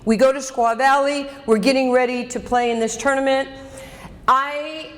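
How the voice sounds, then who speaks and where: A woman in her fifties delivers a motivational keynote in an emphatic, direct way, with a somewhat high voice. Her words carry through a microphone into a large banquet hall with long reverb. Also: fairly even intonation, moderate pace. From New York. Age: 50s. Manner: emphatic, direct, calls out audience members. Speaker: keynote speaker.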